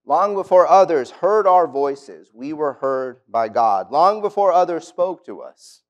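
A man's voice: on the high side, expressive, unhurried, highs cut off. A man in his thirties or forties preaching a sermon in a church, earnest and personal, weaving in stories from his own family. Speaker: preacher at youth lectures. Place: church auditorium.

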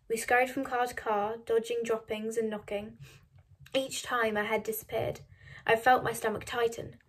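A woman reading a novel aloud in a soft, measured storytelling manner. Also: a little high, level tone, breathy edge. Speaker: reader.

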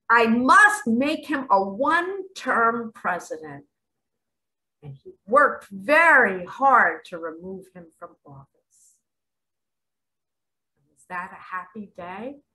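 A woman giving a dramatic preaching monologue to camera. She asks rhetorical questions and swings between hushed asides and loud exclamations. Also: medium pitch, low-quality recording. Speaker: self-styled spiritual guide.

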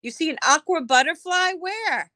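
A woman's voice: very high voice, animated, normal speed, pushed and bright, no echo. A woman selling items on a live stream auction, chatting casually, describing each piece as she handles it and answering viewers by name.

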